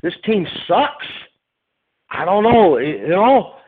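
A man's voice: sits high, sing-song, slow pace, slightly rough. A man calling in to a radio show, venting his frustration with plenty of swearing. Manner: frustrated, profane, exasperated. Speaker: caller. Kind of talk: angry fan rant. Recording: tinny phone line.

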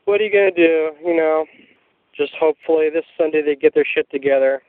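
A man's voice: on the high side, a little fast, no room sound. A man phoning in to a radio show, casual and wry. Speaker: caller. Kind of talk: phoned-in voicemail. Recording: tinny phone line.

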